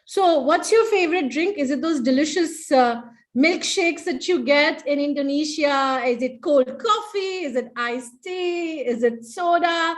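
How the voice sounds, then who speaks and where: A high-voiced woman talks slowly and playfully as she guides an online audience. She coaxes listeners through exercises and laughs easily between her instructions, heard through a video call. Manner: playful, coaxing, laughs often. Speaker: webinar presenter leading laughter exercises. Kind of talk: online webinar talk.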